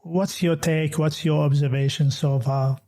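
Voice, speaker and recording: A man's voice: a little high, steady tone, unhurried, dark tone. A man from an Arabic-speaking country hosting a podcast, talking hesitantly and repeating words as he goes. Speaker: podcast host. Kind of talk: conversational interview.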